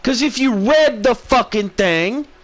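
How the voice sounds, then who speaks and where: A man's voice: extremely high pitch, lively intonation, a little slow. A man streaming a profane, sarcastic rant that mocks people with put-on voices. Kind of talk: ranting commentary.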